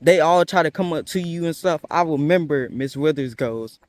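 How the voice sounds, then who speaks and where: Man with a slightly high voice, casual storytime, slangy, laughs as he talks. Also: moderate pace. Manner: animated, slangy, laughs while telling. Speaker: storyteller vlogger.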